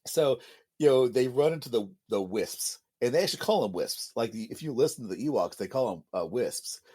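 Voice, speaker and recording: Male podcast co-host, lively pitch swings, mocking and animated. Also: slightly rough. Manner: animated, mocking, quick to laugh, acts out quotes. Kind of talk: casual chat.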